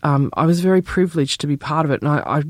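A middle-aged musician and former journalist from Perth, Western Australia, tells stories in an interview with expressive, animated energy and an Australian accent. He talks fast in a higher voice, and the audio is studio quality without echo.

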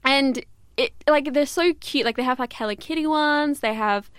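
A young woman with a notably high voice chats casually, rambling through stories with lots of "like" and "um". She laughs easily and restarts her sentences. The sound is close and dry, with no room around it. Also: moderate pace, fairly bright tone, no room sound. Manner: giggly, rambling, lots of fillers. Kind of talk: casual chat.

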